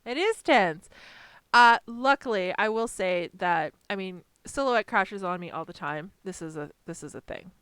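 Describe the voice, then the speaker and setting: A woman chatting casually on a live stream while designing stickers, self-deprecating and talking to her software as she works. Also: fairly low pitch, normal speed, few pauses, smooth, no echo.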